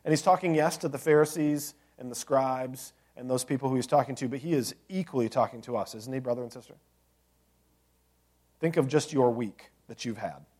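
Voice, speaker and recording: A man's voice: mid-range voice, fairly quick, a little mellow. A man preaching a sermon as a pastor, conversational, with joking asides and rhetorical questions to the congregation.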